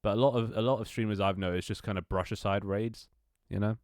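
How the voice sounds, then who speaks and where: Speaking fast with fairly even intonation, this young London man has a very low, slightly mellow voice as he chats loosely with his stream audience. He swears offhandedly and keeps tripping over words, restarting and laughing. The recording is close and dry, with no room sound.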